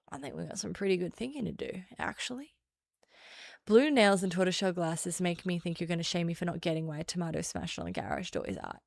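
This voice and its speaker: A woman's voice: lowish voice, animated, moderate pace, gravelly, long pauses, no echo, clean studio sound. A young woman streaming, chatting casually in a playful, self-mocking way. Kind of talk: casual live-stream chat.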